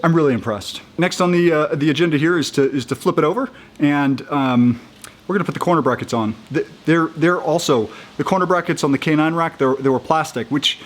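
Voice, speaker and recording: Chatty halting man in a how-to video. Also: fairly high pitch. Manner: halting, with many restarts and fillers; chatty and upbeat. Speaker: vlogger installing a roof rack. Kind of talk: casual how-to talk.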